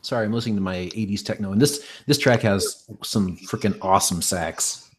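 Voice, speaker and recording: A man co-hosting a casual stream chat, excitable and swearing, often repeating words as he talks. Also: on the low side, fairly quick, slight background noise. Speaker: podcast co-host.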